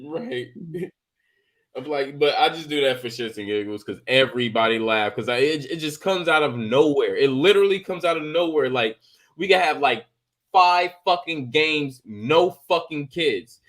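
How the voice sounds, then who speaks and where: A man co-hosting a podcast, telling animated, profane stories in casual chat and laughing often. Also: a little high, normal speed. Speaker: podcast co-host.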